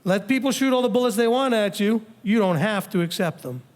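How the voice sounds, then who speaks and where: A high-voiced man teaches a congregation as their rabbi. He talks in a loose, conversational way, slipping into other people's voices to act out what they might say. He keeps turning to the listeners with direct questions. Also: fairly quick. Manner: animated, acts out quoted people and questions the audience.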